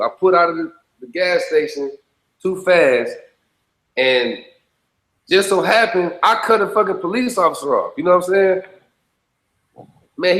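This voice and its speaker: On a rough recording, this man's fairly bright voice is on the high side. He speaks bluntly and emphatically in casual conversation, cursing freely and repeatedly asking whether his listener follows him.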